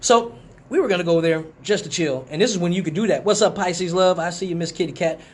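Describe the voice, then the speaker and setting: A man's voice: fast talker, slightly rough. A man telling a profane story on a live stream, acting out quotes. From Detroit. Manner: animated, profane, acts out quotes in a higher voice. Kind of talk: casual storytelling.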